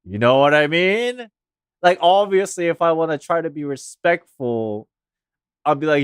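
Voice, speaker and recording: Guy streaming, rambles a lot and laughs, pitch jumps all over, dry mic. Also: normal speed, clear, resonant tone, no echo. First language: Korean. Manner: animated, rambling, laughs often. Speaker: game streamer. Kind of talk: casual livestream chat.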